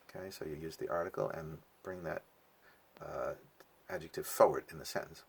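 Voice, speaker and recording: A man teaching a language lesson in a relaxed, explanatory way, with frequent fillers as he walks through the material. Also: a bass voice, fairly quick, vocal fry, husky. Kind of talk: casual lesson walkthrough.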